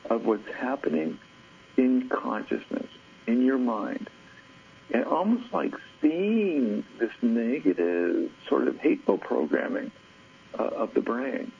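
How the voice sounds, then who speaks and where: A man giving a reflective talk on self-compassion, soft-spoken and halting, with many fillers and restarts. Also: on the low side, gravelly. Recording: dull lo-fi audio with faint hum.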